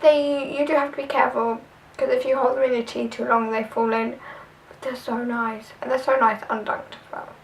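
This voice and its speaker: A woman's voice: fairly high pitch, little pitch movement, moderate pace, vocal fry, distant mic, slight background noise, rough recording. A young woman with a southern English accent, chatting casually through a tag video with lots of fillers. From southern England. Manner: chatty, rambling, filler-heavy. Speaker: vlogger.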